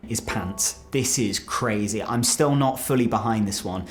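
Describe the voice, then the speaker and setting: A British man talking casually to camera, explaining words in a chatty, animated way with quick asides. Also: lowish voice, faint music behind. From United Kingdom. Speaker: video creator explaining slang.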